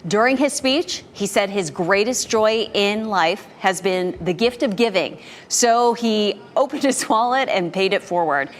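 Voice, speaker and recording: A woman's voice: medium pitch, measured pace, few pauses, long reverb tail. Woman news anchor reading headlines. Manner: crisp, even news delivery. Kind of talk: scripted newscast reading.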